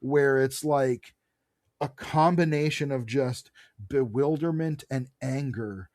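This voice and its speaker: Guy on a comics podcast, mid voice, dry mic, animated recap, acts out the lines. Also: mid-range voice, slow pace, no room sound. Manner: animated, reads out character lines, swears casually. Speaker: podcast co-host. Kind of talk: casual comic book recap.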